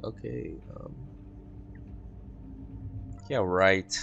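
A man's voice: sits low, extremely slow, gravelly, a bit bright, highs cut off, a little hiss or hum. A man playing a video game and reading its text aloud, with offhand, mumbled asides. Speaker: gaming YouTuber.

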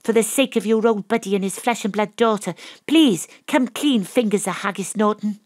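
A woman's voice: medium pitch, steady tone, fairly quick, dry recording, natural voice. An actress playing a determined young woman detective, speaking earnestly and pleading, recorded in a home studio. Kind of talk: live-streamed audio drama acting. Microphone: home studio mic. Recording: dry home studio sound.

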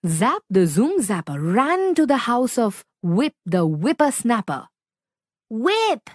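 A woman reading a children's story aloud in a slow, expressive storytelling manner. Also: on the high side, no room sound, studio quality. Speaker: storybook reader.

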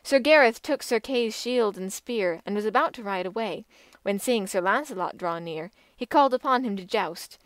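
A woman narrating an old legend as an audiobook, in a measured and expressive manner. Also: mid-range voice, dry recording. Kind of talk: scripted storytelling narration.

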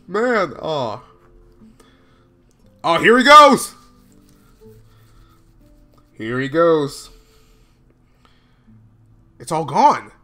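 A man reacting live to what he is watching, his high voice swinging widely between hushed murmurs and excited outbursts. He talks in an unhurried, drawn-out way, full of casual slang. His tone is bright and forward. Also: soft background music. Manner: excitable, bursting into exclamations and laughs; slangy, casual filler talk. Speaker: reaction video host.

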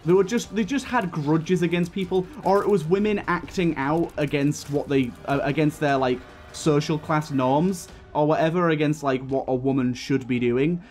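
A man's voice: fairly high pitch, moderate pace, hardly any pauses, a little mellow, soft background music. A man giving casual, rambling gameplay commentary as a YouTuber, laughing often and restarting his sentences, with hiccups. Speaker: gaming YouTuber.

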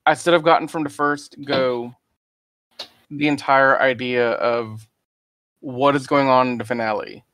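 A man co-hosting a casual podcast, relaxed and candid, rambling through his opinions with small stumbles. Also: mid-range voice, unhurried, no room sound. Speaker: podcast co-host.

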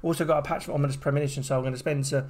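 A man's voice: medium pitch, steady tone, rapid-fire, darkish tone. A man streaming a horror game, chatting casually and rambling to his viewers. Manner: chatty, rambling, addresses chat. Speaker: gaming streamer. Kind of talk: casual live-stream commentary. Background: game music.

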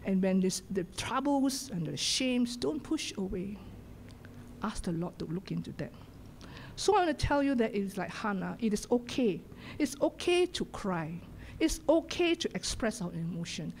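A middle-aged woman pastor with a Singaporean English accent preaching a sermon in a church, swinging from loud exhortation to hushed whispers. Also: mid-range voice, big pitch swings, normal speed, vocal fry, slight background noise. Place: church sanctuary.

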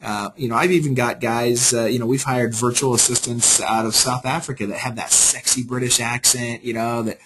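A man's voice: mid-range voice, fairly even intonation, fairly bright tone, slight background noise. A man being interviewed about his staffing company, easygoing and salesy. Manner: easygoing, salesy, quick to agree. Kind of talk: casual business interview.

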